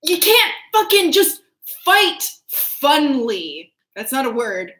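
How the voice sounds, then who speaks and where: A woman giving a casual astrology reading, animated and laughing, who swears freely and acts out quoted voices. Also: high voice, takes it slowly, roomy sound. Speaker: astrology reader.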